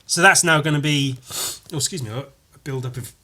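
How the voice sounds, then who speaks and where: A man with a fairly high voice hosts a solo comedy podcast, speaking briskly over heavy background noise. His story meanders and keeps doubling back on itself, peppered with crude asides.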